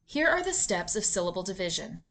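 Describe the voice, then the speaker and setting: Measured woman narrating a reading lesson. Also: lowish voice, very animated, fairly bright tone. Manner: clear, measured, deliberate teaching delivery. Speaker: literacy instructor. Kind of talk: scripted instructional narration.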